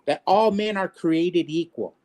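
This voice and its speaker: A man's voice: high-pitched, a little slow, a little mellow. A man co-hosting a casual online chat show, ranting in an indignant way. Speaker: co-host.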